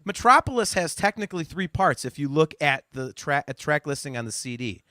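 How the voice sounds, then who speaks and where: A man hosting a casual podcast chat, animated and teasing, often laughing. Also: fairly high pitch, fairly quick, no room sound, studio quality. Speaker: podcast host.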